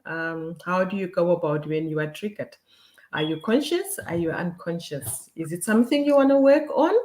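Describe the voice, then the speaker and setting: A woman's voice: on the low side, lively intonation, moderate pace, a little mellow. A woman co-hosting a talk show, steadily leading segments and posing questions to listeners. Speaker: co-host.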